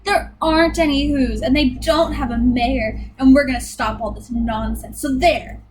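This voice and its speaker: A woman voicing rowdy monkey brothers who jeer and shout mockingly. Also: sits high, moderate pace, slight background noise, close to an everyday voice.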